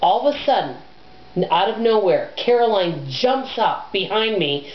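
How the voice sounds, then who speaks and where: A middle-aged woman with a loud, abrasive voice, chatting to camera in a rambling, self-deprecating way as a personal finance vlogger. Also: mid-range voice, lively intonation, a little slow, slight background noise. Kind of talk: casual chat to camera. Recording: echoey room, dull lo-fi sound.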